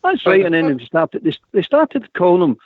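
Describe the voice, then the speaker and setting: A Scottish man co-hosting a football fan phone-in, talking with indignant, animated conviction. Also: high voice, moderate pace, dry recording. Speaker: radio co-host. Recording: dry, phone-like radio sound.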